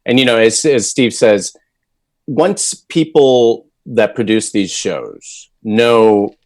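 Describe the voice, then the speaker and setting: A man's voice: mid-range voice, lively intonation, takes it slowly, darkish tone, no room sound. A man, a voice actor, chatting candidly and with self-deprecating humor as an interview guest. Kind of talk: casual interview chat.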